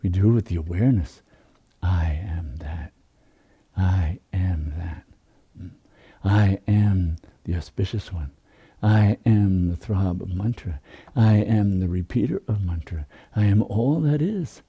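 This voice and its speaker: A man giving a slow, soft-spoken spiritual talk as a meditation teacher, with unhurried, drawn-out phrasing. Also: low voice, husky, highs cut off.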